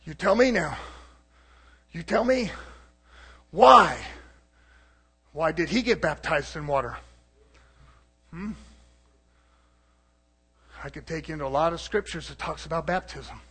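A man preaching a sermon, swinging from low murmurs to shouted declarations and calling out to the congregation for responses. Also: measured pace, pauses often, slightly rough.

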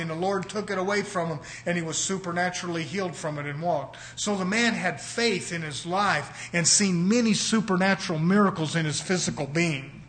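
High-voiced preacher delivering a sermon. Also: male voice, a little fast, few pauses, a bit bright. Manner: preaching with rising and falling emphasis, repeated "brothers and sisters".

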